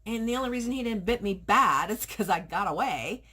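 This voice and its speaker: Husky woman telling a lively story. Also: medium pitch, a little fast. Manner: animated retelling, quoting both sides of conversations. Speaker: pet groomer and vlogger. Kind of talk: casual storytelling vlog.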